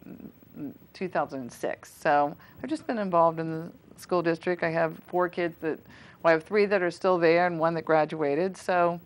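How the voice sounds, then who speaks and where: A woman's voice: lowish voice, normal speed. A woman in her forties, a school foundation volunteer, talking casually in an interview with many fillers and restarts. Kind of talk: casual interview on local cable TV.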